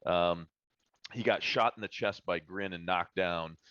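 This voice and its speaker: Low-voiced male game master, hesitant delivery, dry lo-fi stream audio. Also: pushed and bright, clear, resonant tone, dry recording. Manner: halting, many fillers and restarts. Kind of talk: narrating a tabletop game.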